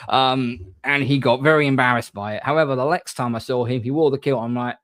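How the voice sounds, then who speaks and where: A man hosting a casual livestream, reading viewer comments and giving shout-outs in a rambling, chatty way. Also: medium pitch, fairly even intonation, a little fast, hardly any pauses, dry recording. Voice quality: rambling, frequent restarts, mate-and-bro shout-outs. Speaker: livestream host.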